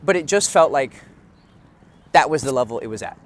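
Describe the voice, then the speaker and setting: A man's voice: medium pitch, expressive, fairly quick. A young man, a dating coach, talking candidly to camera outdoors in a casual, conversational way, swearing freely. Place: outdoors near a bench.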